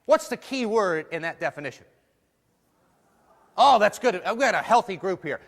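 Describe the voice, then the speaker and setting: A man's voice: high voice, animated, normal speed, creaky. A man giving a humorous keynote talk to a live audience, playful and jokey, putting questions to the crowd. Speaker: motivational speaker. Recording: long hall reverb.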